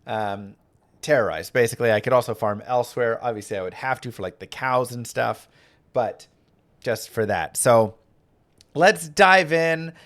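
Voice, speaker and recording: A young man hosting a live stream, chatting excitedly about his game and thanking viewers. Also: mid-range voice, normal speed. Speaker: streamer and host. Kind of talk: casual live gameplay commentary.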